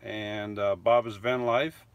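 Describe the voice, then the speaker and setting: A man's voice: on the low side, fairly even intonation, slow, clean tone, dry recording, muffled recording. A middle-aged man chatting casually on a live stream, reading out viewer comments and rambling with fillers and little self-mocking chuckles. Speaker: vlogger hosting a live stream.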